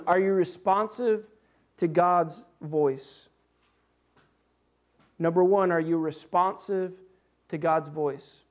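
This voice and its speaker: High-voiced guy preaching, chatty and animated, lots of ums and restarts. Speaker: pastor. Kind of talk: sermon.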